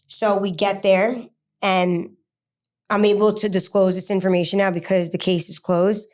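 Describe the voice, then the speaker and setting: A woman speaking at an ordinary middle pitch tells her own story as an interview guest. She stumbles through fillers and restarts, then hurries into quick bursts of words. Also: flat delivery, darkish tone. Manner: halting, many fillers and restarts. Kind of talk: personal story told in an interview.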